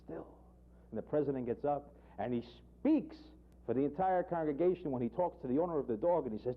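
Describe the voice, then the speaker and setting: Male humorist, animated joke teller, tinny archive TV sound. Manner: animated storyteller, acts out characters with sharp jumps in pitch. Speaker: humorist guest. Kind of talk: joke telling and interview talk. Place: television studio. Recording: tinny phone-like archive broadcast.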